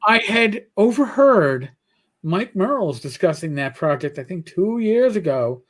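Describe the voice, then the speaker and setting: A man's voice: high voice, very animated, a little slow. A man with a New York accent co-hosting a podcast, chatting casually and telling stories animatedly, with frequent restarts. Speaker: podcast co-host. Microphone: computer microphone on a live stream.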